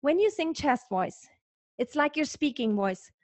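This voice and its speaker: A woman's voice: high-pitched, sing-song, measured pace, darkish tone, no echo. A woman vocal coach giving a singing lesson in an earnest, instructive way, breaking off to sing examples. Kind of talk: singing lesson with sung demonstrations.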